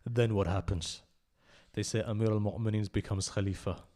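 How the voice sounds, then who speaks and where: This man addresses mourners in a religious centre's hall, reciting passionately as his voice surges into loud cries and falls quiet again. He frequently questions the audience directly, with a steady tone at normal speed.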